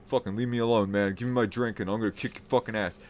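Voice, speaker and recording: A man's voice: on the low side, steady tone, fast, darkish tone, slight background noise, voice pushed down, lightly acted. Man putting on a slurring drunk teenage bruiser. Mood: menacing. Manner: slurred, muttering threats. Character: drunk hulking teenage boy, slurring and menacing.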